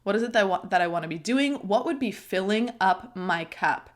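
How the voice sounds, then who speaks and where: This is a young adult podcast host with a mid-range voice, talking animatedly and at a fairly quick pace. She speaks openly, emotionally and tearfully in a chatty personal monologue, using many fillers and staying close to the mic.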